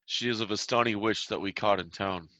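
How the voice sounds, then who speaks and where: A man's voice: lowish voice, a little fast, bright, forceful tone, no echo. A game master voicing an obedient male cleric of an evil cult who speaks stiffly and formally to his new mistress. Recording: dull lo-fi recording.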